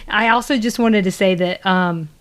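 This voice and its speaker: Co-hosting a casual podcast, a woman with a Southern US accent rambles along, full of fillers and laughter. Her voice is mid-range and a bit bright, at a moderate pace.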